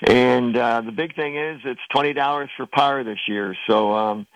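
An older man talking about a golf event in an upbeat, chatty way. His pitch sits in the middle, and the sound is dry and close. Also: moderate pace, no room sound, poor audio. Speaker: golf club tournament organizer, guest. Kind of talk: casual radio interview.

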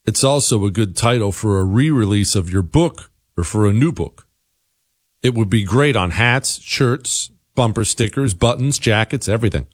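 A male radio talk show host reading listener email aloud, with wry, sarcastic asides and lively commentary. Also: lowish voice, normal speed, no room sound, clean studio sound.

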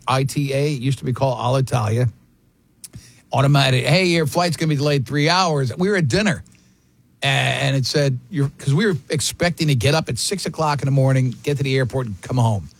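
An older man with a New York accent, hosting a morning radio show in animated, casual banter. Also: medium pitch, brisk, no room sound. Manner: animated storyteller, slips into impressions.

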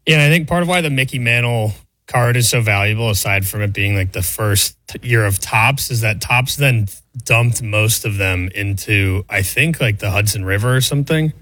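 A man's voice: fairly low pitch, moderate pace, a bit bright, dry recording. Wry laid-back male co-host. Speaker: radio show co-host. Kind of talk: casual studio banter.

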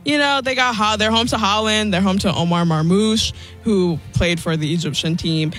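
A woman's voice: mid-range voice, normal speed, a bit bright, soft background music. A woman on a sports radio show, chatting casually and playfully with a giggly manner. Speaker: show team member giving soccer picks.

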